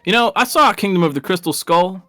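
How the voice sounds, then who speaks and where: A man's voice: sits high, animated, brisk, pushed and bright, no echo, faint music behind. Chatty rambling male race commentator. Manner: rambling and chatty, laughs at his own stories. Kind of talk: casual live stream commentary.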